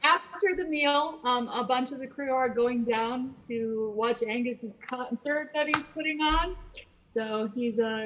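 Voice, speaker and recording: A woman running a tabletop game as game master, narrating in an easygoing way with frequent laughs. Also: a little high. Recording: dull lo-fi sound with faint music.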